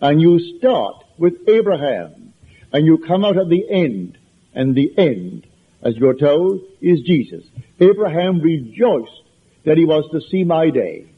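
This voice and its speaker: A man's voice: a little high, big pitch swings, a little slow, husky. A man with an accent giving a spiritual lecture, conversational and anecdotal, with emphatic repetitions. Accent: foreign accent. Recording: tinny lo-fi lecture recording.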